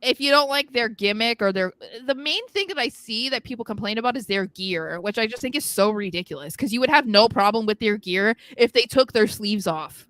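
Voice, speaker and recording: A young adult woman co-hosting a casual chat podcast, excited and giggly, rambling quickly. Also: a little high, dry recording. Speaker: podcast co-host.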